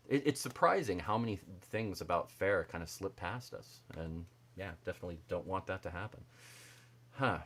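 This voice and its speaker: A man hosts a relaxed livestream. He chats loosely with his viewers, greets them by name, and talks with plenty of "uh"s and restarts. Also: deep voice. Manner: chatty, reads viewer comments aloud, frequent fillers and restarts. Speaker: livestream host. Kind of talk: casual livestream chat.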